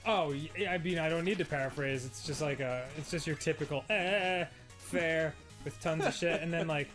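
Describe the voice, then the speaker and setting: Animated, laughing man telling stories. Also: fairly high pitch, normal speed, faint music behind. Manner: animated, laughs often between lines. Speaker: co-host. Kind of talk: casual comedic storytelling.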